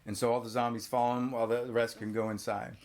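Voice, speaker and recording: A man hosting a podcast, casually retelling a film's story to a child and prompting with quick questions. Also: mid-range voice, level tone, a little mellow. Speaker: podcast host. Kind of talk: casual movie recap chat with a child.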